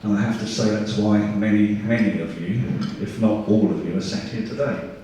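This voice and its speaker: A man's voice: lowish voice, normal speed, dark tone, a little hiss or hum. An older man giving a father of the bride speech at a wedding reception, emotional and joking, then leading a sing-along. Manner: emotional, joking, self-deprecating. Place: large wedding reception hall. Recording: echoey hall recorded from far off.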